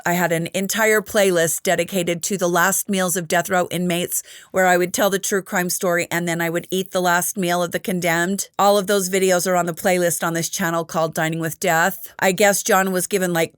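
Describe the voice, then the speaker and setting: A woman's voice: mid-range voice, smooth, no echo, clean studio sound. A woman hosting a true crime show, telling the story straight to camera with candid personal asides.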